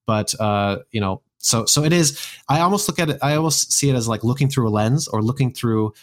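Speaking fairly quickly in a mid-range voice, this American man chats casually as a guest. He rambles, restarting often and leaning on fillers.

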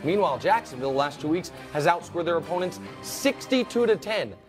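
A man giving betting picks on a sports talk show, animated and excitable, often cutting in. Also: fairly high pitch, fairly quick, faint music behind. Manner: animated and excitable, jumps into others' lines.

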